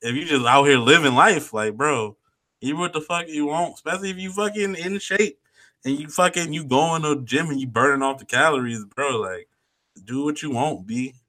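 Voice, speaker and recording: A man's voice: a little high, moderate pace, bright, forceful tone. A man in casual, profane chat, laid-back and heavy on slang, talking as a podcast co-host.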